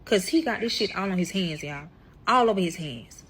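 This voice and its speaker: A young woman tells a story to camera in a casual storytime style, swearing often and calling her viewers y'all. Her lowish voice is animated and moves at a normal speed, with a little hiss or hum behind it.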